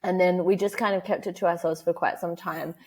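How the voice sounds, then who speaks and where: Husky woman telling a story. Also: fairly low pitch, steady tone, a little fast, a little mellow. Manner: chatty, laughs often, acts out quoted voices. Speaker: podcast guest, motherhood educator. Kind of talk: casual interview storytelling.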